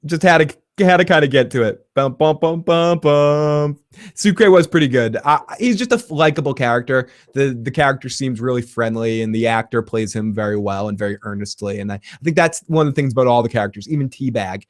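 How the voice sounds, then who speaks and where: A man's voice: medium pitch, fast, few pauses, dry recording, clean studio sound. A man hosting a casual livestream TV recap, talking in a profane, rambling way and laughing often. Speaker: TV recap host.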